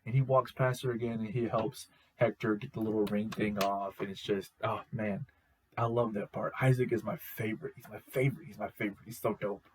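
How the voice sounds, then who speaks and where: A young man hosting a casual video review. He talks excitably, repeats himself and uses slang. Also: fairly low pitch, fairly quick, a little hiss or hum, rough recording. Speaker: host, reviewer. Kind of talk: casual enthusiastic show review.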